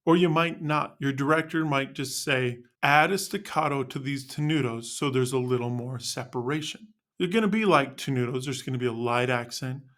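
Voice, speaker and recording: A man's voice: on the high side, a bit bright. A man teaching band students how to end notes, narrating a scripted lesson in an upbeat, explanatory way.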